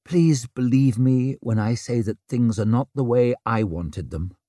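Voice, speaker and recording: A man voicing a poised, regal woman regent who speaks in a measured, composed way. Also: mid-range voice, mellow, dry recording, studio quality, lightly acted. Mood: regretful.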